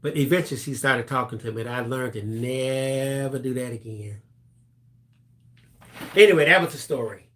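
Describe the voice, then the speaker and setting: A middle-aged man co-hosting a live crafting stream narrates a story in easygoing chat, doing voices for the people involved and laughing through lines. His mid-range voice moves at a normal speed with frequent pauses. There's a slight hiss or hum on the recording.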